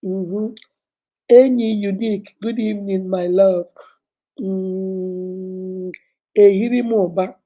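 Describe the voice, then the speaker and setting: A woman's voice: mid-range voice, warm tone. A woman hosting a casual livestream, sick with a cold and coughing, greeting her viewers one by one by name. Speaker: livestream host.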